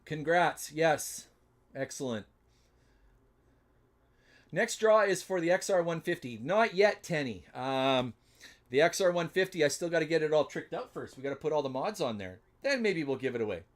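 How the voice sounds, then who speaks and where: A man hosting a solo livestream giveaway, flustered and muttering to himself as he fumbles with the software. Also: fairly high pitch, expressive, moderate pace. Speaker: livestream host running a giveaway. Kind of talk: casual solo livestream chat.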